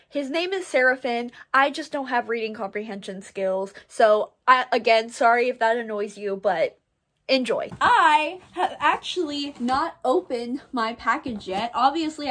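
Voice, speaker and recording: Chatty young woman book vlogger. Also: on the high side. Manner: gushing, excitable. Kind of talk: casual reading vlog.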